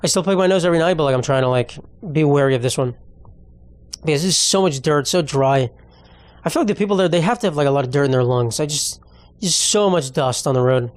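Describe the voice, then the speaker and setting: A man's voice: fairly high pitch, quick pace, no room sound. A young man hosting a solo comedic podcast, rambling through stories in an offhand, profane way. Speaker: podcast host.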